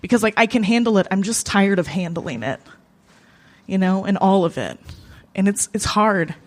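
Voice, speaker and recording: Woman co-host at a live cafe open mic, personal story, halting delivery full of restarts. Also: medium pitch, expressive. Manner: halting, many fillers and restarts, emotional. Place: small cafe.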